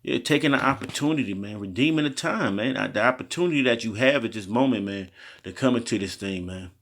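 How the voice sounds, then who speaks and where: With a mid-range, fairly bright voice, a street preacher reads scripture aloud and adds his own comments in a casual, slangy way. The teaching is informal, and he frequently stumbles over tricky words and restarts.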